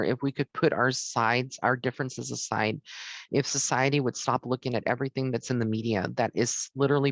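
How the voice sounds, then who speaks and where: A man's voice: medium pitch, fairly bright tone, no echo. A man who works as a psychic medium gives a heartfelt, rambling holiday message from his home to the camera, with many ums.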